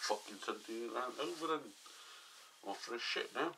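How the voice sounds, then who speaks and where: A man's voice: mid-range voice, moderate pace, vocal fry, sharp tone. A man doing a weekly rant vlog, grumbling and swearing nearly every line. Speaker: vlogger. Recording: distant mic, noisy background.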